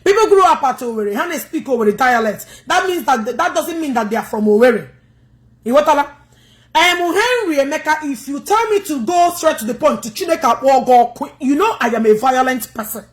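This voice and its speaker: A woman's voice: sits high, expressive, a little fast. A woman with a Nigerian Igbo accent, scolding her livestream viewers in a combative rant.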